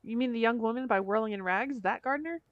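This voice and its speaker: A woman's voice: a little high, fast talker, no room sound, highs cut off. A woman streamer reading game dialogue aloud in a dry, wry way.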